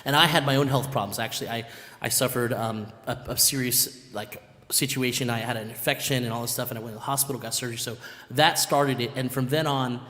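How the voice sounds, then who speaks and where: A man from a band telling a lively story in casual chat, laughing and acting out what people said. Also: medium pitch, fast talker. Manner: animated, laughing, acts out quotes. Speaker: band member, musical guest. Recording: long hall reverb.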